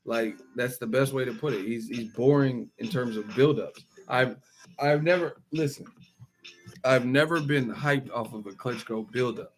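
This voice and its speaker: Soft music plays behind this man's mid-range voice as he runs his boxing channel. He's animated and swears freely in casual riffs, rattling off rhetorical question after rhetorical question.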